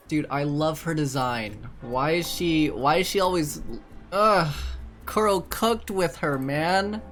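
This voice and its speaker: A streamer giving excitable, gushing commentary on a game playthrough, laughing often. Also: mid-range voice, takes it slowly, faint music behind.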